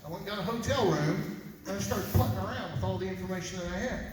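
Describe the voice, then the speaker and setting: A man's voice: high voice, fast. A man who works as a private investigator, speaks at a press conference in a folksy storytelling manner, acting out his phone calls. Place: large echoey hall. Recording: echoey hall from far off with noise.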